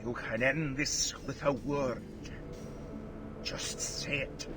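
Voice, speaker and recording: An actor playing a menacing male torturer in a video game, speaking slowly and tauntingly in a put-on German accent. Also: mid-range voice, fairly even intonation, loud music behind the voice, natural voice, rough recording. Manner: slow, taunting, sneering. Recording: game audio with clear background noise.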